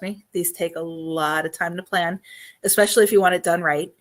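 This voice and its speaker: A woman hosting a casual live stream and answering viewers' questions. Her voice is hoarse and she is losing it, and she talks chattily with many ums and frequent throat-clearing. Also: fairly low pitch, steady tone, a little fast. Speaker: host.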